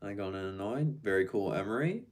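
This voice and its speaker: A man's voice: lowish voice, lively intonation, fast talker. A man casually chatting on a live stream, reading out viewer comments and answering them in a laid-back, slangy way.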